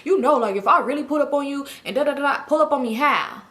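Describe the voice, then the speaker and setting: A pushy young ex-boyfriend who keeps pressing and repeating himself, as a woman retells it. The voice stays quick and bright. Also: sits high, pitched above the performer's own voice. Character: pushy young man, an ex, pleading.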